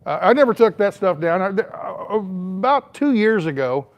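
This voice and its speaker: Older guy rambling thru his live chat outside, kinda high-ish voice, lots of uhs. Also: lively intonation, moderate pace, dull audio. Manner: rambling, drawling, lots of uh fillers. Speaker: vlogger reading live chat. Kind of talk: casual live-stream chat. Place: outdoors.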